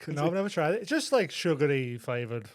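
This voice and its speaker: A man's voice: a little high, very animated, quick pace. Laughing male podcast co-host. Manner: laughs often, self-mocking. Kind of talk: casual comedy chat.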